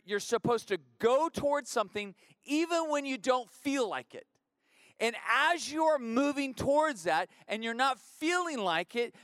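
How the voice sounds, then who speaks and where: A pastor preaching a conversational sermon in church, repeating phrases and building rhythmic refrains. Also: male voice, very high-pitched, a bit bright, dry recording, studio quality.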